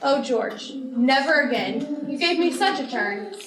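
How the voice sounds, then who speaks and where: A woman's voice: sits high, lively intonation, measured pace. A student actress playing a flustered, scolding mother of the groom in a school stage play, heard from far off in an echoey, noisy hall.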